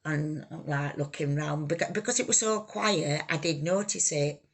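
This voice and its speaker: A woman telling her own life story, halting, raw and emotional, swearing freely. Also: sits low. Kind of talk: personal life story told to camera.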